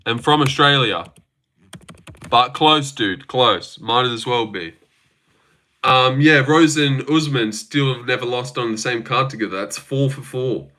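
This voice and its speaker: Bright-voiced young man chatting on stream. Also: medium pitch, a little slow. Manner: chatty, joking, swears casually. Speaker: live stream host. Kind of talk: casual live stream chat reading comments. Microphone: phone.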